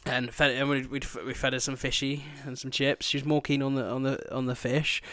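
Male podcast host, fast, profane, rambling storyteller, dry close sound. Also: medium pitch, little pitch movement, pushed and bright, no room sound. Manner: sweary, rambling, laughing asides. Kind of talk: casual travel storytelling.

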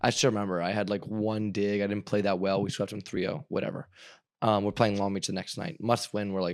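A man's voice: on the low side, little pitch movement, brisk, dry recording, clean studio sound. A young man co-hosting a podcast, telling a rambling story in casual chat and acting out the quotes. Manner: rambling, repeats words, acts out quotes. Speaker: podcast co-host.

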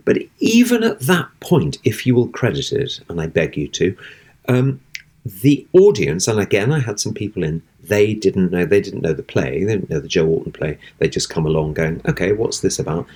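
Low, husky, and moderately paced, the voice belongs to a middle-aged actor being interviewed. He's animated as he works through a long theater anecdote, imitating the voices of the people he describes.

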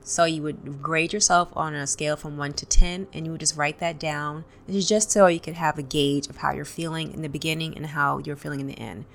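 Low, gravelly-voiced woman guiding tapping. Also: brisk, hardly any pauses, slight background noise. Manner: calm, repeats affirmations for listeners to echo. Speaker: tapping instructor. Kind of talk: guided tapping session.

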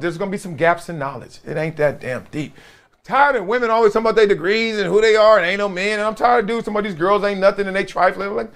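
A man hosting a podcast, talking casually in a slangy, animated monologue that swings between loud bursts and low asides. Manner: slangy, preachy. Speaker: podcast host.

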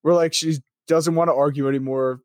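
Podcast co-host, casual chat, blunt, swears a lot, quick interjections, dry close mic. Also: mid-range voice, steady tone, no echo.

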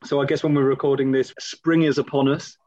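A man's voice: medium pitch, little pitch movement, fairly quick, warm tone, no echo, dull audio. A man in his thirties from England, co-hosting a podcast in easy, friendly chat and laughing easily. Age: 30s. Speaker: podcast co-host. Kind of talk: casual chat. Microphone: new home microphone.

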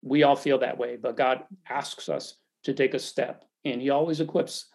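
A man's voice: medium pitch, steady tone, moderate pace, vocal fry, darkish tone. A middle-aged man hosting a faith podcast, talking in an earnest, encouraging and reflective way. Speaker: podcast host.

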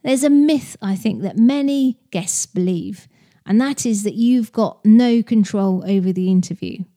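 A woman's voice: medium pitch, a little slow, warm tone. A woman who hosts a podcast, giving business advice in a chatty, direct way and explaining with stories and analogies. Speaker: podcast host.

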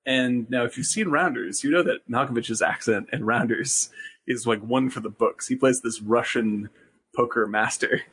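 A man co-hosting a podcast, telling an anecdote in a lively, swearing way. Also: medium pitch, moderate pace, breathy edge. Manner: animated, laughing, swearing storyteller. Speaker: podcast co-host. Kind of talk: casual chat.

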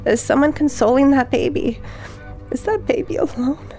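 A woman eyewitness reading from her journal in a hushed, halting way that drops to breathy whispers, then talking casually at home. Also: sits high, expressive, soft background music. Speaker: eyewitness guest.

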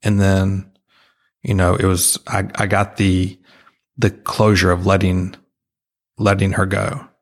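A man earnestly retelling a personal experience as an interview guest, halting and full of restarts. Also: deep voice, level tone.

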